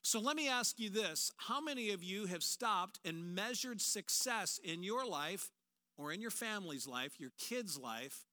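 A man with a high, bright voice preaches a sermon to a large church auditorium. He talks in an animated way and slips into quoted voices. His tone stays sharp and forward. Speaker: pastor.

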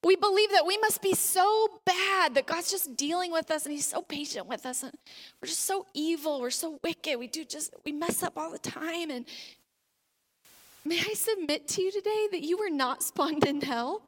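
High, bright-voiced woman preaching in a hall. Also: normal speed. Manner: animated, conversational, acts out little quoted scenes. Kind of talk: sermon. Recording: long reverb of a large hall.

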